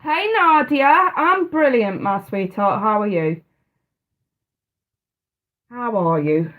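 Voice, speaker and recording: A woman's voice: on the high side, animated, slow, fairly bright tone, rough recording. Lady chatting on her tarot livestream, loose and rambly, laughs lots. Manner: chatty, hesitant, often restarting, laughs a lot. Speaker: tarot reader hosting a live stream. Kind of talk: casual live-stream chat.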